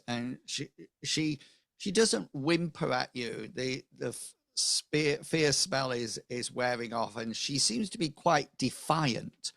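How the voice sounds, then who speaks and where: A man narrating as game master for a tabletop role-playing game, halting, with many ums and restarts. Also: mid-range voice, fairly bright tone, no echo, studio quality.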